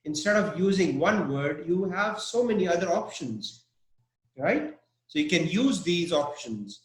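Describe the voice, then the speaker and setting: A man teaching an English vocabulary lesson live online, explaining slowly and deliberately and often checking in with his students. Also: sits high, big pitch swings. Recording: echoey room.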